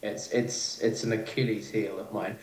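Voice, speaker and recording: A man's voice: on the low side, steady tone, moderate pace, darkish tone. Male chef, guest chat; hesitant, laughing, recorded in an echoey room. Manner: rambling, hesitant, laughs easily. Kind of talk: casual interview chat. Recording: echoey room with faint noise.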